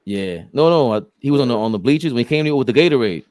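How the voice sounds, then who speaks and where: A man's voice: medium pitch, lively intonation, fast, a little mellow, no room sound, clean studio sound. A man in a casual podcast chat, speaking reflectively and agreeably, with some hesitation and fillers.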